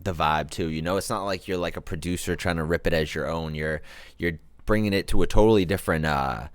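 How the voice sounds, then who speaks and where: Deep-voiced laid-back host. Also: male voice, a little fast, smooth, dry recording. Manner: laid-back, slangy, reflective. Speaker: podcast host and music producer. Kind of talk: casual chat.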